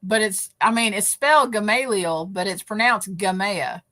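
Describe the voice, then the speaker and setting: A woman's voice: medium pitch, sharp tone. A woman, co-hosting a podcast in chatty casual conversation. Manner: chatty, quick to chime in. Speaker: podcast co-host. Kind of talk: casual chat.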